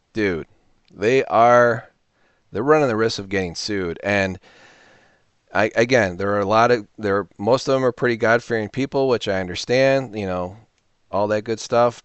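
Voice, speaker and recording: Man, low pitch, dry close sound, rambling casual storyteller hosting a reseller vlog. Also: smooth, no echo. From Illinois, US. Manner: rambling, animated storytelling with quoted voices. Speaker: reseller channel host. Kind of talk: casual talking-to-camera vlog.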